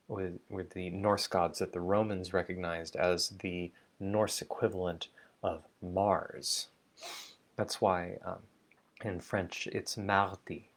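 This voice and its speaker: Low, gravelly reflective man. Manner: slow, thoughtful, with many fillers and restarts. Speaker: vlogger. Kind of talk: reflective spoken diary.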